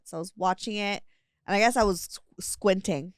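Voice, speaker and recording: A woman co-hosts a casual podcast chat, telling stories and laughing easily. Her voice is close and dry, at a middle pitch. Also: lively intonation, moderate pace, smooth, no room sound. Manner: chatty storyteller, laughs easily.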